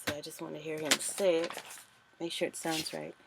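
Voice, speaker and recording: A woman's voice: deep voice, flat delivery, normal speed, creaky, heavy background noise. A woman author chatting casually and thinking aloud as she walks through a screen-recorded tutorial. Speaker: author and vlogger.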